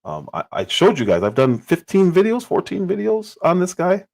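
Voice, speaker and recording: A man's voice: high voice, wildly swooping pitch, normal speed, gravelly, a little mellow, rough recording. A man hosting a livestream and giving casual political commentary. He talks emphatically and repeats phrases for stress.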